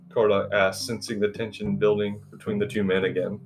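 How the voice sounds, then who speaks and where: Low-voiced man narrating a fantasy story. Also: little pitch movement, normal speed, hardly any pauses, a bit bright, soft background music.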